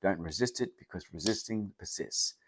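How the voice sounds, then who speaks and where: A man's voice: deep voice, normal speed, breathy edge, no room sound. A man giving a rambling, casual motivational talk to the camera, often checking in with "yeah?". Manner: rambling, loose, with many restarts and "yeah?" checks. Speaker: vlogger.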